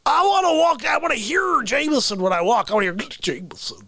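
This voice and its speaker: A man putting on a shrill, rowdy drunk character for a live comedy stream, the voice leaping high and low as it shouts and giggles. It is slow and deliberate, close and dry on the mic, with faint music underneath. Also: big pitch swings, no echo, heavily acted. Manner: squealing shouts and giggling fits. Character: boozy rowdy older man character, manic. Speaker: livestream comedy host. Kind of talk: unscripted live comedy improv.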